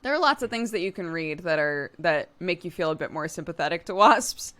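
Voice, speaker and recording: A woman's voice: on the low side, expressive, a little fast, a bit bright. A young adult woman streamer chatting casually with her viewers, full of fillers and frequent laughter. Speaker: streamer reading chat. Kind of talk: casual chat.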